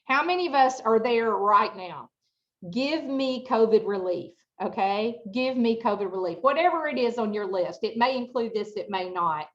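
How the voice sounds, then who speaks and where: A middle-aged woman giving an interactive online workshop, chatty and expressive, asking the audience lots of rhetorical questions over a video call. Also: on the high side, normal speed, muffled recording. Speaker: workshop presenter.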